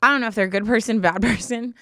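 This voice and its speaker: A young woman co-hosting a podcast, telling stories in an emotional, animated way during a casual chat. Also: on the high side, racing, gravelly, dry recording, studio quality. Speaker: podcast co-host.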